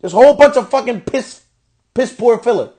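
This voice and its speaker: A man's voice: very high voice, expressive, brisk, dark tone. A young man hosting a podcast, ranting in frustration with heavy swearing as he reviews a wrestling show. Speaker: podcast host.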